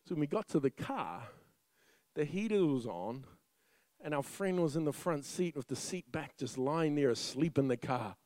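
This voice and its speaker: A young man preaching a sermon as a funny story, lively and laughing often as he tells it. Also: fairly high pitch, moderate pace, no room sound.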